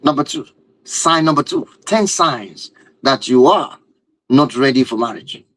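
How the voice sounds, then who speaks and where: A man's voice: mid-range voice, animated, unhurried, a bit bright, no echo, poor audio. Emphatic man firing rhetorical questions. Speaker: relationship and marriage speaker. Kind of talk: live-stream talk to viewers.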